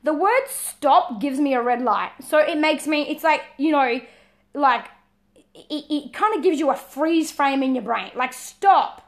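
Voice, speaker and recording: A woman, talking casually as a parenting coach, lively and repeating herself as she explains. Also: high-pitched, measured pace. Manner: lively, repeats words and restarts, laughs often. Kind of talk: casual talk to camera.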